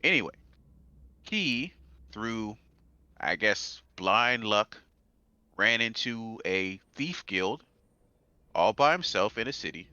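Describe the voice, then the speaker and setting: A man's voice: lowish voice, lively intonation, takes it slowly, pauses often, bright, forceful tone, clean tone, no echo, muffled recording. A man recapping a tabletop game story in a rambling, hesitant way, with many fillers. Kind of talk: casual in-character recap.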